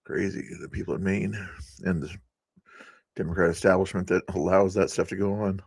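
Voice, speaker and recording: A man's voice: low-pitched, fairly even intonation, normal speed, vocal fry, a little mellow, breathy edge, dry recording. A man hosting a live stream, chatting casually about politics and his viewers in a rambling way, with many fillers and chuckles.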